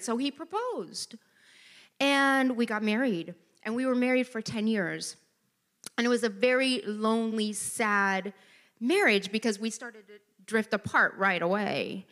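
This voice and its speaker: A woman's voice: on the high side, unhurried, a bit bright. A middle-aged woman giving a personal testimony at a church gathering, telling her story with animation and acting out the voices she quotes.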